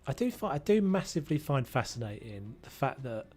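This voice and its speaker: Soft music sits under this fast-talking UK streamer, whose medium-pitched, darkish voice is very animated. It's casual livestream commentary, rambling and chatty as he plays.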